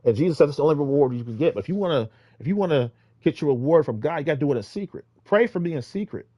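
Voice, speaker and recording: A man giving casual, rambling street-preaching advice, exhorting listeners with many restarts, swinging between loud emphatic bursts and low mutters. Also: animated, rapid-fire, no echo, lo-fi sound.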